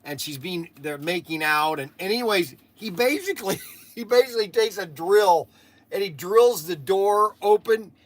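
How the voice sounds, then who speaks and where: Man livestream host, rambling and chatty, voice a touch high, often breaks into laughs mid-story. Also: lively intonation, moderate pace. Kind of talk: casual rambling livestream chat.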